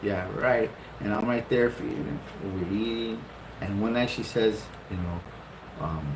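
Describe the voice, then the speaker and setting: A middle-aged man casually telling a long, funny story, swearing freely and jumping up in pitch for retold lines. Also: measured pace, background noise. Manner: animated, profane, laughing often, jumps into high-pitched retellings. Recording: roomy echo.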